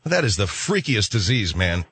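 A man hosting a comedy radio talk show, brisk and dismissive with callers. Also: lowish voice, big pitch swings, fairly bright tone, slightly rough, dry recording.

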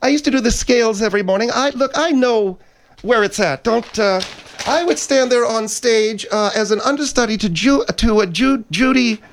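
A man's voice: very high voice, normal speed. A man putting on a pompous old diva. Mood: haughty. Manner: pompous, theatrical, rambling. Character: vain, haughty older woman singer, a self-styled diva. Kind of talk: comedy sketch.

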